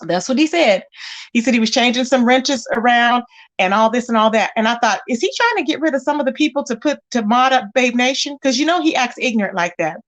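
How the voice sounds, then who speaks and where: A woman hosting a casual live stream, animated, greeting viewers with pet names. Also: a little high. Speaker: host of a live commentary channel.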